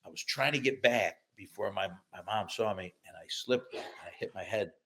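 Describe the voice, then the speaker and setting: An older man from upstate New York, an author telling lively childhood anecdotes in a podcast interview. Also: lowish voice, normal speed, gravelly. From upstate New York, USA. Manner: lively anecdotes, acts out quoted voices, laughs through punchlines. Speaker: author and guest.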